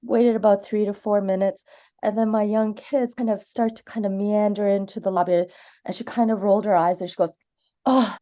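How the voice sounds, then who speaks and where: A woman's voice: mid-range voice, steady tone, fairly quick, mellow. A woman in her forties, who grew up in Canada, gives earnest, candid personal testimony during public comment. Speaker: community member giving public comment.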